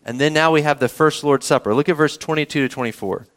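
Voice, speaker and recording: Preaching man, slightly high voice. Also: fast talker. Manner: conversational preaching with questions to the congregation. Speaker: pastor. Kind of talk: sermon.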